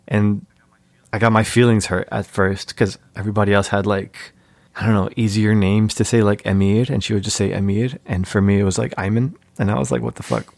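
Laid-back man with a gravelly low voice. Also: a little mellow, dry recording. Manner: laid-back, jokey, mimics voices in anecdotes. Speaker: podcast guest. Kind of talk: casual storytelling.

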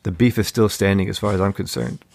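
A man's voice: deep voice, expressive, quick pace, creaky, darkish tone, no room sound. A man telling casual, jokey stories as a podcast guest, in a laid-back way. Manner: laid-back, jokey, mimics voices in anecdotes. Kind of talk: casual storytelling.

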